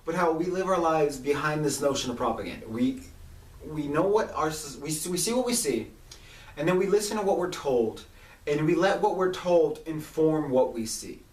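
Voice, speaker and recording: A young man in his late twenties talks in a chatty, animated way as the host of his own show. His voice sits a bit high, and he sounds distant from the mic in an echoey room. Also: moderate pace. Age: 20s. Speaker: podcast host. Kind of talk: casual monologue.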